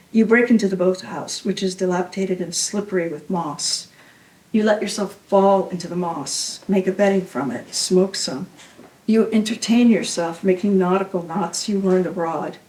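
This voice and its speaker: A woman poet giving a poetry reading at a university venue, measured and intimate, often dropping to a hush. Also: mid-range voice, echoey room, recorded from a distance, low-quality recording.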